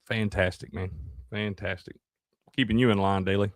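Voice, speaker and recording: Low-voiced dude tossing out upbeat banter, says man a lot, dry mic. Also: fairly even intonation, moderate pace, no room sound. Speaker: sports show co-host. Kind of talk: casual chat.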